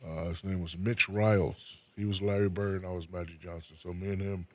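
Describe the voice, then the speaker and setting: A man from New Jersey, a retired basketball player, chatting casually as an interview guest, soft-spoken and restarting sentences with repeated words. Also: low voice, steady tone, brisk.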